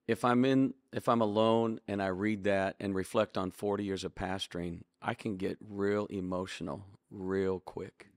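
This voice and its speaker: A man's voice: fairly low pitch, no echo, studio quality. A man in his sixties, a longtime pastor and author, telling stories in an interview in an earnest, preacherly way and acting out the dialogue he quotes. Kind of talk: reflective storytelling interview.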